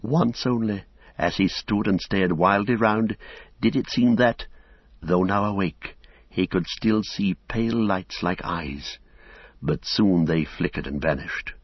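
A man narrating a novel in a measured, solemn storytelling manner. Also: on the low side, husky, no room sound, highs cut off. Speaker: audiobook narrator.

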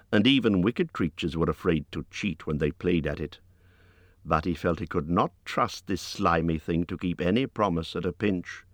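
A man reading a storybook aloud in a measured narrating voice, lifting his pitch for the hero's lines. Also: dry recording. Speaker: audiobook narrator.

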